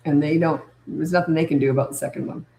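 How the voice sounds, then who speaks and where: A woman's voice: deep voice, steady tone, fast, gravelly, dark tone, reverberant. An older woman and parenting coach answering viewer comments on a live stream, chatty and emphatic, repeating her key points.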